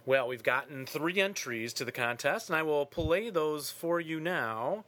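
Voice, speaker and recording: A man hosting a podcast in casual chat, with relaxed, teasing banter. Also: on the high side, unhurried, hardly any pauses. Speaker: podcast host.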